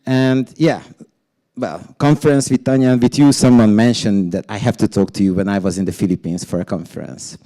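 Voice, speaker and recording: A man's voice: fairly low pitch, fairly even intonation, a little fast, warm tone. A man moderating a panel, chatty and a little stumbling, with small jokes. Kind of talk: casual moderation.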